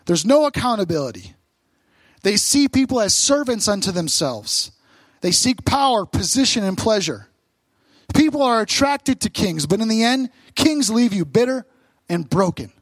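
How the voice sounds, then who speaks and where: A man's voice: high voice, sing-song, normal speed, no room sound. A man preaching a sermon as pastor, stressing short repeated phrases.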